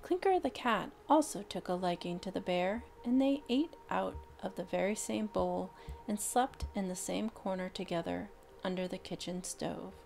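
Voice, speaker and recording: A woman reads a children's storybook aloud at an unhurried pace, leaning into the drama with well-placed pauses. Her mid-pitched voice carries a gravelly fry, with a faint hiss of noise underneath. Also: darkish tone.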